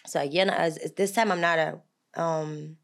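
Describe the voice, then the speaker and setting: A woman, telling her life story as a podcast guest in lively, broken English. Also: sits low, moderate pace. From Kazakhstan. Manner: animated, laughing, broken English. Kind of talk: casual interview storytelling.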